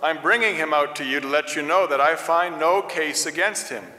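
A man's voice: fairly high pitch, normal speed, sharp tone, pitched above the performer's own voice. A man reading the lines of a Roman governor who questions a prisoner, in a slightly raised voice. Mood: questioning. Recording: echoey church hall.

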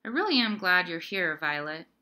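Woman reading as a worn-out older sister, tired, sighing, low-pitched, bright and forceful. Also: very animated, moderate pace. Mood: weary.

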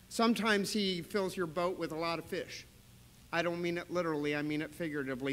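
A male pastor preaching a sermon in a church, telling stories in an animated way with sudden loud bursts. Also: fairly high pitch, long reverb tail, a little hiss or hum, poor audio. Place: church sanctuary.

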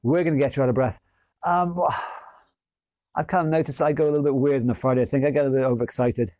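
A man's voice: medium pitch, fairly even intonation, fast, dark tone, no room sound, dull audio. A man leading an online workout class, counting down rounds and encouraging people in an upbeat way. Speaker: fitness instructor.

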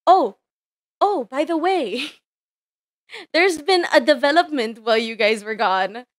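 A woman's voice: high-pitched, expressive, unhurried, no echo. A young woman streaming live, chatty and giggly, laughing between lines. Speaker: virtual streamer.

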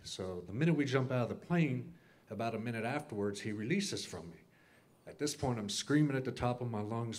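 A man with an average-pitched voice tells a class about a vivid dream. He narrates it as a story, voices the people in it as he goes, and often stops to clear his throat. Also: brisk, a little mellow. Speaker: class member sharing a dream. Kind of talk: recounting a dream.

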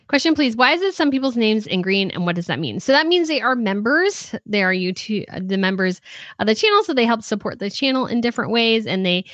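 Here the royal news host's mid-range, fairly bright voice comes through a dry but dull recording. She keeps the live stream casual, reading out viewer comments and replying with plenty of laughter.

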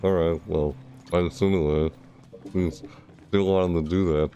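A man's voice: sits low, a little slow. A man streaming a shooter game, talking to himself in casual commentary with frequent startled yelps and groans. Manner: excitable, yelps and self-talk.

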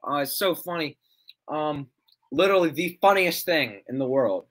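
Young male streamer, casual rambly chat with frequent laughs; bright, slightly high voice. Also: expressive, moderate pace. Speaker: livestreamer.

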